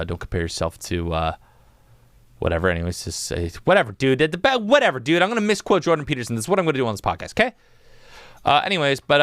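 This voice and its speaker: A young man with a lowish voice hosts a casual solo podcast from his home music studio, rambling and joking and saying "dude" in almost every other line. There's no room sound.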